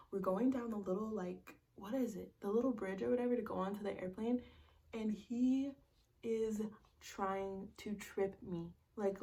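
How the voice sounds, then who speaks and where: Gravelly young woman telling a story, casual. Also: medium pitch, a little mellow, distant mic. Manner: blunt and profane, constant "like" and "bro", drops to whispers. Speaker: vlogger.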